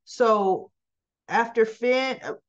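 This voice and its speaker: This soap opera reviewer talks extremely slowly in a fairly high voice while casually recapping a daytime soap episode. Her retelling is animated, with the characters' dialogue acted out in quotes, on slightly dull lo-fi audio.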